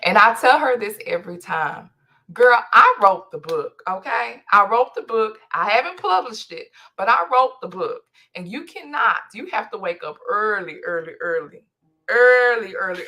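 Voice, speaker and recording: Animated woman telling a story. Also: medium pitch, moderate pace. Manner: animated storytelling, acting out both sides of conversations. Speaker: podcast host. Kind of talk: casual solo podcast chat.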